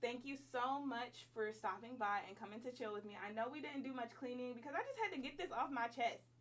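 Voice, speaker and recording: A woman's voice: fairly high pitch, fairly quick, far from the mic. A woman in her twenties telling a personal story at home, casual, slangy and emphatic. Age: 20s. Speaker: vlogger.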